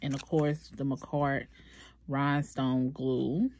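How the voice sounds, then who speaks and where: A young woman chatting through a nail tutorial, talking to viewers as "y'all" in a relaxed, chatty way. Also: extremely low pitch, moderate pace, slight background noise. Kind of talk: casual tutorial chat.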